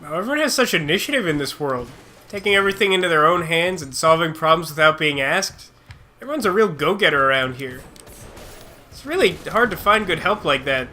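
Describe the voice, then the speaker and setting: A man's voice: on the high side, animated, brisk, sharp tone, faint music behind. A chatty young man, a little sick, rambling through casual gameplay commentary and reacting to the game. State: slightly sick. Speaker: let's play host.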